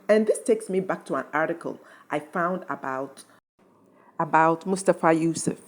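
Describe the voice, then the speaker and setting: A woman's voice: sits low, normal speed. A woman hosting a commentary channel, speaking with indignant, emphatic passion. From Ghana. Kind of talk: impassioned commentary.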